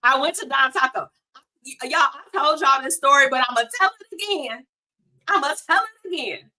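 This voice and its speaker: Bright, chatty woman radio host. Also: high-pitched, moderate pace. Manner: animated, chatty, talks straight to listeners. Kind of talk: casual chat segment.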